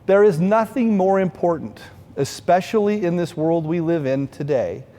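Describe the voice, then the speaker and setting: A man's voice: sits high, expressive, normal speed, mellow, long reverb tail. A middle-aged man giving a heartfelt storytelling speech at a fundraising event, speaking earnestly to the audience.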